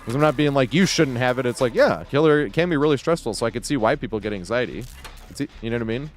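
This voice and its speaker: A man streaming games and chatting casually, rambling with lots of fillers and quick laughs. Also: medium pitch, lively intonation. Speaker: game streamer. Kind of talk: casual live-stream chat.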